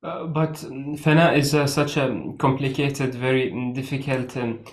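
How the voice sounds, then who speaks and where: A man's voice: mid-range voice, fairly even intonation, moderate pace, echoey room. A man hosting an interview, asking a question with many hesitations and fillers. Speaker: interview host.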